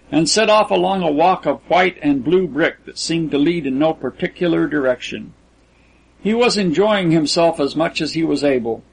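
A man with a husky, slightly raspy voice reads a literary story aloud. His pitch sits a little higher than most men's, and his delivery is measured and even. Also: low-quality recording. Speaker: audiobook narrator. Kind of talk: scripted literary narration.

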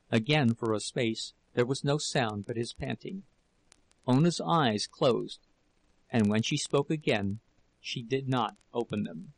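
A man narrating a novel as an audiobook in a measured, dramatic storytelling manner. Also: mid-range voice, creaky, rough recording.

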